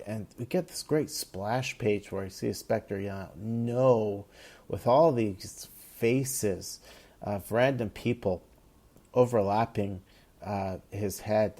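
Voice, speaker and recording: Mellow-voiced man recapping a comic. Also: medium pitch. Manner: retells the panels with light quoted lines and many "uh" fillers. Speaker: comics reviewer. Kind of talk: casual comic book recap.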